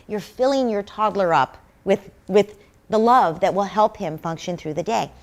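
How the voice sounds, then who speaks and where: A woman's voice: medium pitch, a little mellow. A woman, a parenting expert, answering an interview question earnestly, explaining with examples and acting out little dialogues with a child.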